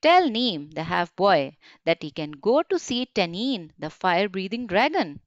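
A woman voicing an old wise man in a children's storybook, explaining things in a measured way. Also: medium pitch, clean tone, no room sound, lo-fi sound, close to an everyday voice. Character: old wise man giving calm advice.

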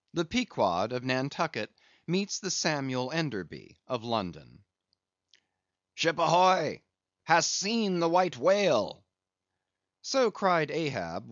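A male audiobook narrator reads at a slow, measured pace and keeps his pitch moving. The recording sounds dull and lo-fi. There is no room echo at all. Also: a bit bright. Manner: measured, unhurried reading. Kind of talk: scripted narration.

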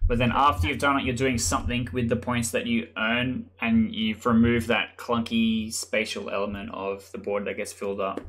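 A man hosts a casual board game video from home, chatting over an online call. His talk is relaxed and rambling, full of small restarts and trailing thoughts. His voice sits at an ordinary middle pitch. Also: moderate pace, hardly any pauses. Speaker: channel host. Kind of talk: casual chat.

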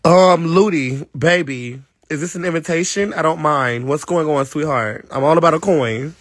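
A man hosting a casual live stream. He talks in a sassy, animated way to his viewers, laughs often, and speaks into a phone mic. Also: fairly high pitch, moderate pace, hardly any pauses, no room sound. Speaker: livestream host.

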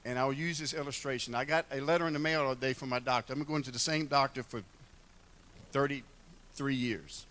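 A man's voice: mid-range voice, steady tone, a little fast, fairly bright tone. An older man giving a heartfelt church address, telling folksy stories with humor. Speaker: church member speaking at a retirement celebration.

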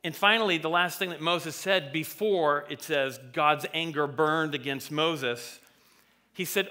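Lively bright-voiced male preacher. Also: fairly high pitch, a little slow. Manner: animated, conversational, acts out voices from stories. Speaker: pastor. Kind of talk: sermon. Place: church sanctuary.

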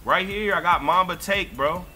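Bright-voiced young man ranting over gameplay. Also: sits high, moderate pace, slight background noise. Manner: excitable, profane ranting with sudden shouts. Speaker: gaming streamer. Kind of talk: live gameplay commentary.

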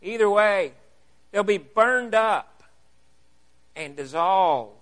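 Male preacher, sermon delivery, emphatic word stress, rhetorical questions, higher voice, unhurried. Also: lively intonation, fairly bright tone. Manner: emphatic, stresses key words and asks the congregation questions. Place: church.

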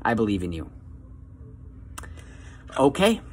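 A man giving calm, coaxing motivational advice straight to the viewer, slowing down on key phrases. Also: on the low side, breathy edge. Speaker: self-help vlogger.

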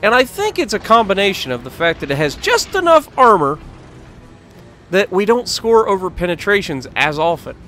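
A man narrates his gameplay in a casual, playful way, joking with his viewers and sometimes scolding the game. His voice sits fairly high and bright. Soft game music plays underneath. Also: very animated, moderate pace. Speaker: gaming channel host.

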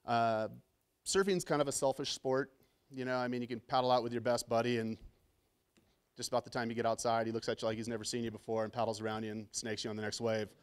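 A man's voice: medium pitch, level tone, quick pace, clean tone. Nervous joking man giving a keynote. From Southern California. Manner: nervous, self-deprecating, joking. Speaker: conference keynote speaker. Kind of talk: casual storytelling keynote talk. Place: conference stage.

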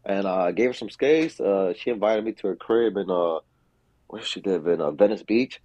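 Low-voiced man telling slangy stories. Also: normal speed, dark tone, dull audio. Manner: profane, slangy, acts out quotes. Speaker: podcast guest, skater. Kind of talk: casual storytelling.

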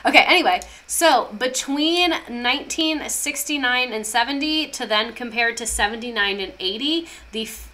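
Brief: woman history vlogger, casual and passionate, irreverent, with a clear and bright voice. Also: on the high side. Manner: irreverent, passionate, swears freely.

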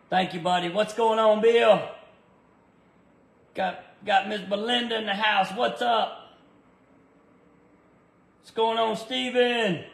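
A man talks casually to his livestream viewers from a garage workshop. His voice sits a little on the high side, and the bare shop walls give it a roomy echo. He rambles easily, stacking up fillers and calling out viewers by name. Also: vocal fry, a bit bright. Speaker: race car builder livestreaming from his shop.

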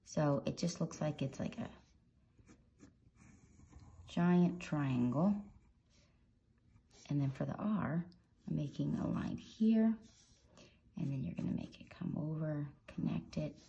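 Chatty low-voiced woman teaching drawing. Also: slow, creaky, pauses often, mellow. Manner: chatty and encouraging, with playful sound effects. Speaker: drawing tutorial host. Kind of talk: casual drawing tutorial narration.

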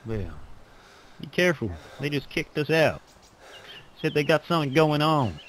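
A man's voice: fairly high pitch, sing-song, normal speed, a bit bright, slight background noise. A man, politely calling others sir. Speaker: fellow roleplayer. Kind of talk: in-game roleplay chat.

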